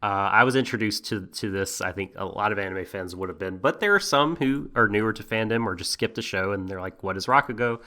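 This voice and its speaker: Low-voiced man explaining, bright tone. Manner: explanatory, measured, with hesitations. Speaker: podcast co-host. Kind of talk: casual anime review chat.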